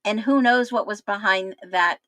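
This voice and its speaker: A woman hosting a livestream, exclaiming in disbelief and talking straight to her viewers, her voice going hoarse. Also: mid-range voice, normal speed, fairly bright tone, no echo. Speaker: livestream host. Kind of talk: excited livestream commentary.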